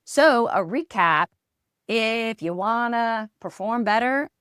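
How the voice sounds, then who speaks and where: A woman hosting a health podcast, explaining in a calm, encouraging way. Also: a little high, slow pace, clean tone, dry recording, clean studio sound. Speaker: physical therapy podcast host. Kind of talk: casual health chat.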